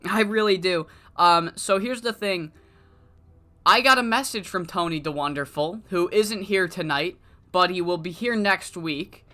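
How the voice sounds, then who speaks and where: A man's voice: sits high, unhurried, pushed and bright. A man narrating a wrestling booking game on a live stream, in a loose, rambling way with fillers and swearing. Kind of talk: casual live-stream commentary.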